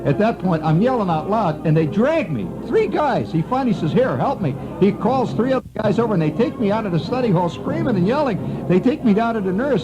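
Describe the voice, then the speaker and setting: Middle-aged guy rambling through a story on old radio, lively swoopy voice, muffled sound with faint music behind. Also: sits high. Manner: rambling, animated storyteller full of asides. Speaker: radio host. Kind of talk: storytelling monologue.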